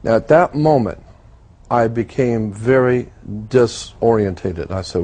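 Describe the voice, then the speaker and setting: A man's voice: medium pitch, measured pace, warm tone. A man, a guest on a talk program, earnestly recounting a personal story and repeating key points for emphasis. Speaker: guest telling his story.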